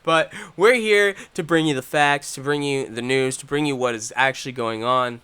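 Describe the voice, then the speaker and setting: A young man hosting a live stream, talking in a profane, rambling way that swings from loud angry ranting to low, muttered talk. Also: normal speed, smooth. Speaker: channel host.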